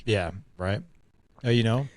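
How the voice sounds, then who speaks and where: A podcast host chats casually with a guest, joking energetically and using plenty of fillers. His voice sits on the low side, he speaks unhurriedly, and there's no echo.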